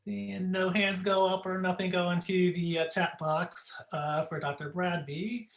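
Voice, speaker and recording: A physician giving a measured, hesitant workshop recap over a video call, with many filler words. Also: mid-range voice, flat delivery. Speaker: physician presenting a group recap. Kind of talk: casual workshop presentation. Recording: roomy echo on a video call.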